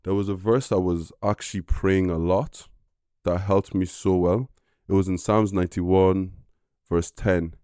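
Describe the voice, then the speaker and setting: A young man, a podcast guest, telling a personal faith story in an earnest, halting way with many fillers. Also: deep voice, steady tone, dark tone, clear, resonant tone, no echo, clean studio sound. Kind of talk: casual personal testimony.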